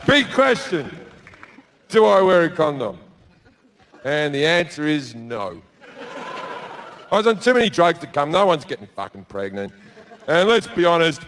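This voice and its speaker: A man's voice: on the high side, a bit bright. A man doing stand-up storytelling in a large theatre, brash and profane, slipping into acted-out voices. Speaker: stand-up comedian. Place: large theatre with a live audience.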